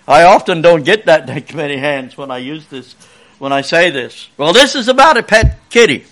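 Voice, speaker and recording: High, bright-voiced man telling a church story. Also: lively intonation, normal speed. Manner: chatty storyteller, asks the congregation questions. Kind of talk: folksy children's story in a church service.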